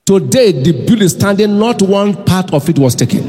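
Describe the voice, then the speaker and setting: A male pastor with a high-pitched voice, preaching with force and firing questions at the congregation for them to answer. His words ring out in a large church hall with a long, lingering reverb. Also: animated, normal speed, noisy background. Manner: emphatic preaching, quizzing the congregation. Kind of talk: sermon.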